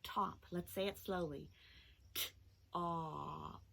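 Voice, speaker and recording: A woman leads a children's phonics lesson in a slow, sing-song, encouraging manner. Her voice is bright and forward, and she takes her time over each word. Faint birdsong sits in the background. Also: mid-range voice, sing-song, slight background noise. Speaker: teacher.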